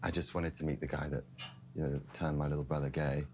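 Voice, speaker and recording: An actor playing a nosy, hostile older brother who talks in a sneering, mocking way, from a TV series clip. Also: male voice, a bass voice, flat delivery, quick pace, darkish tone, a little hiss or hum.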